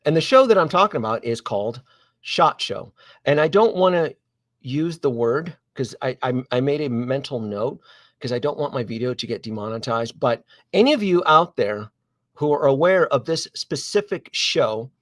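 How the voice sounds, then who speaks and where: A man's voice: medium pitch, normal speed, no echo. A man, hosting a live stream, telling a long story in a casual, rambling way with frequent restarts and asides to viewers. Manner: animated, digressive, many restarts and asides to viewers. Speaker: host of a collectibles live stream.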